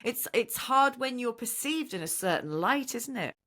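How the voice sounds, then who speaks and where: A woman in her forties talks as a guest on a podcast, open and musing. She reflects out loud and often draws the listener in with tag questions. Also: a little high, animated, moderate pace. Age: 40s. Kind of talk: reflective conversational chat.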